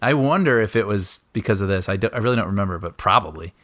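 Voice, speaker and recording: Lively man in chatty film commentary. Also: fairly low pitch, fast talker, dry recording. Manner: lively, laughs often, conversational. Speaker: podcast co-host. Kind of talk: casual film commentary chat.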